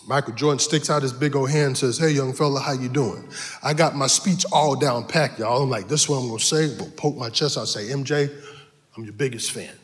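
A pastor preaching a sermon with animated storytelling, swinging from low asides to sung shouts. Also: male voice. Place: large arena church. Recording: long reverb of a large arena.

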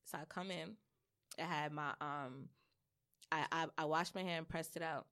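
A woman's voice: sits low, fairly even intonation, normal speed, a bit bright. A woman co-hosting a podcast, telling brash, swearing stories and acting out what people said to her. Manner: brash, swearing, storytelling with acted-out quotes. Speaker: podcast co-host. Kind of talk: casual chat.

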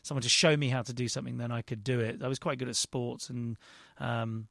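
A man's voice: medium pitch, level tone, fairly quick, vocal fry, a bit bright, no room sound. Hesitant man, dry close sound. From London, England. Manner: rambling, hesitant, self-deprecating, with many restarts. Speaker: actor and director guest. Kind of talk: casual interview chat.

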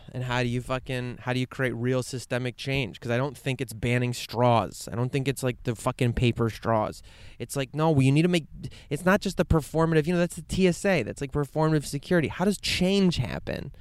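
A man musing aloud in a casual vlog in a quiet meadow, earnest and rambling, swearing often and swinging from hushed to impassioned. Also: medium pitch, fairly quick, clear, resonant tone, dry recording. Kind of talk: casual outdoor vlog monologue.

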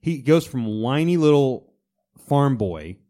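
Man, casual podcast host, mid-pitched, animated delivery, slips into quoted character voices, conversational. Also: unhurried. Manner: animated, quotes film lines in put-on voices. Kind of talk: casual chat.

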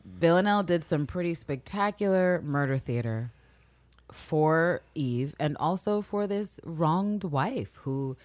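A woman co-hosting a casual recap podcast, profane and animated, acting out the characters' lines in high voices. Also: takes it slowly, no echo. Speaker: podcast co-host.

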